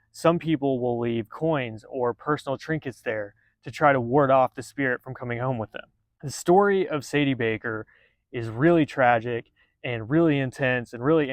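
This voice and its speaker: A man's voice: mid-range voice, dry recording. A man casually narrating a local legend, chatty and sarcastic, with frequent swearing. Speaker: storyteller.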